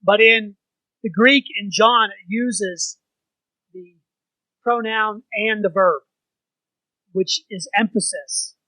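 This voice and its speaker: Bright-voiced man teaching a Bible study. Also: sits high, takes it slowly, long pauses, dry recording, rough recording. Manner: conversational, poses questions to the group. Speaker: pastor leading a Bible study.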